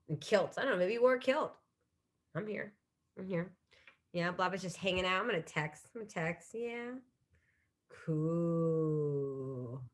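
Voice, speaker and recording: A woman's voice: fairly low pitch, a bit bright. A woman in her thirties hosting a solo comedy livestream from home, chatting casually and laughing at herself. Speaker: streaming comedy show host. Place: home room with bookshelf.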